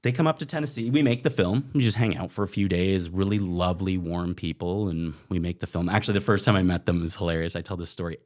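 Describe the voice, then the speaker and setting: A young man from Canada, a podcast guest telling stories in casual chat, animated, full of "like" and acting out what people said. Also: low voice, quick pace, hardly any pauses. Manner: animated, acts out quoted voices, frequent "like" fillers.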